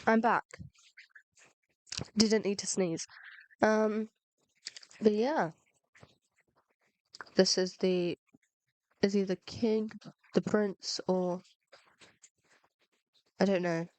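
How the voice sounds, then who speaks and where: A woman's voice: medium pitch, steady tone, very slow, long pauses, dry recording. A woman, feeling unwell with a cold, giving casual, rambling, self-mocking commentary over gameplay. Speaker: gaming video narrator.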